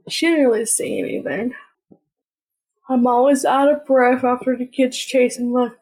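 Woman host for a casual story podcast: slow, earnest, plain sentences, high breathy voice. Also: poor audio.

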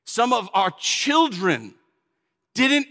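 Man, dramatic first-person sermon, animated, exclamatory, high voice, long reverb. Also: drawn-out words. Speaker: preacher.

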